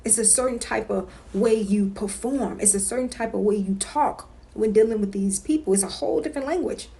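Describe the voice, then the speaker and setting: A consumer-rights vlogger with a mid-range, dark-toned voice speaks fairly quickly, addressing viewers directly in a casual home vlog. Her instructional monologue is emphatic and repetitive, and she keeps checking in with "okay?".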